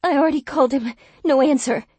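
A woman's voice: high-pitched, fast, dark tone, no room sound, voice pushed up, lightly acted. A woman voicing a panicked young woman near tears who blurts out her words in a quavering voice, in an audiobook.

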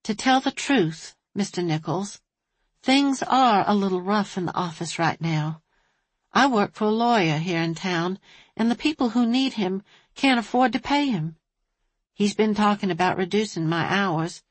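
A woman voicing a composed young woman in an audiobook, speaking evenly and factually in a husky voice. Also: medium pitch, normal speed, dry recording, close to an everyday voice. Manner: even and factual. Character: composed young woman facing hard times.

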